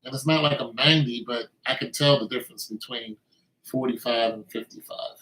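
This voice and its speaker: A man in his fifties, a singer-songwriter chatting casually between takes in a relaxed, musing way with easy fillers. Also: medium pitch, fairly quick, slight background noise. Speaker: singer-songwriter making beats. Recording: echoey room with faint music.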